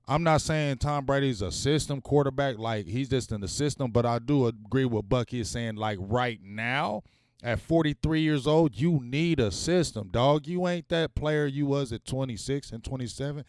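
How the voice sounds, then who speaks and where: A man's voice: mid-range voice, moderate pace, clean tone, no echo, studio quality. A man hosting a live-streamed sports talk show, speaking in casual slang and calling out to his viewers. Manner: animated, talks straight to viewers, casual slang.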